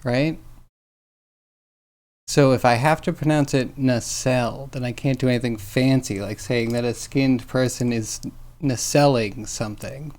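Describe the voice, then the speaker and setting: Guy streaming while he sculpts, rambly musing chat, chuckles a lot, mid pitch. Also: a little mellow.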